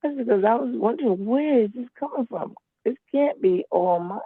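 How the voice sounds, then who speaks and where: Brief: woman caller on a tinny line, high-pitched and raspy, telling things in a rambling, emphatic way. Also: animated, normal speed, no room sound. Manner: rambling, emphatic, repeats herself. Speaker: caller in an online class. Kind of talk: casual spoken account. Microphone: computer call.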